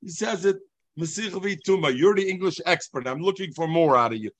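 A man teaching a Talmud class, explaining each passage in a sing-song, animated way and mixing in Hebrew and Yiddish terms. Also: fairly high pitch, fairly quick, dry recording.

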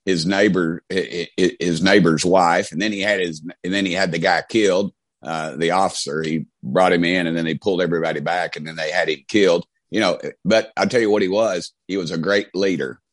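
Man, middle-aged, East Tennessee Southern accent, very deep voice, dry close sound, folksy, rambling. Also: steady tone, a little fast, no room sound. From Knoxville, Tennessee. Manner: rambling, folksy, many restarts. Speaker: congressman guest. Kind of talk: casual storytelling interview.

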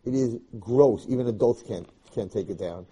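A man with a very dark, mellow voice and a husky edge, teaching as a rabbi. He speaks with passion and emphasis, often repeating himself and restarting his sentences as he drives each point home. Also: lowish voice, moderate pace. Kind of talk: Torah lecture.

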